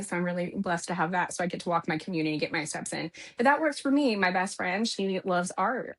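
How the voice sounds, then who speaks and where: Fast-talking encouraging woman guest. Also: lowish voice. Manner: upbeat, encouraging, motivational. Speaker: podcast guest. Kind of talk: casual conversational advice.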